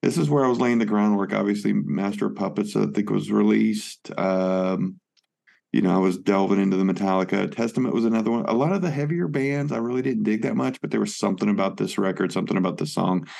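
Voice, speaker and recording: Man, podcast co-host, very low voice, gravelly, laid-back, swears. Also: fast, a little mellow. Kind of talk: casual chat about music.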